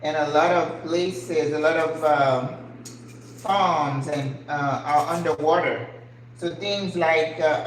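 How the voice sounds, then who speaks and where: Cooking at home, an older woman chats casually with her channel's audience in a low-pitched voice. Her manner is earnest and emotional, punctuated by rhetorical questions. Echo fills the kitchen, with some faint ambient noise underneath.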